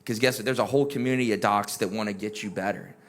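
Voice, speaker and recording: A man's voice: lowish voice, fast talker. A man who once had epilepsy, talking casually on a panel, earnest and encouraging, with rhetorical questions. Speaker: neurologist and epilepsy patient.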